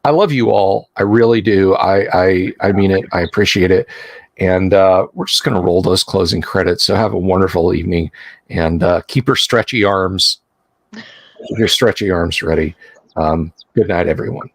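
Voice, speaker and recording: Man, livestream host, lowish voice, rambling, stop-start, dry close sound. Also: no room sound. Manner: rambling, halting with many restarts. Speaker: game master and host. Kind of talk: casual livestream chat.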